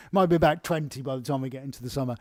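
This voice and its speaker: A man's voice: mid-range voice, fast talker, darkish tone, a little hiss or hum. A man with an English accent hosting a casual live Q&A, reading viewer questions aloud and answering with chatty fillers and restarts.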